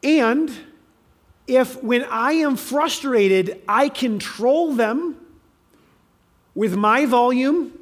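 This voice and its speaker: A man's voice: very high voice, animated, very slow, long pauses. A man preaching a sermon, with emphatic swings in volume and frequent restarts. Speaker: pastor.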